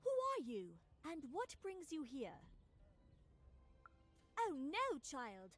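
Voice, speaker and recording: A woman's voice: high voice, wildly swooping pitch, slow pace, fairly bright tone, exaggerated voice. An actress playing a prim, self-important noblewoman who speaks in a condescending way. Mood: haughty.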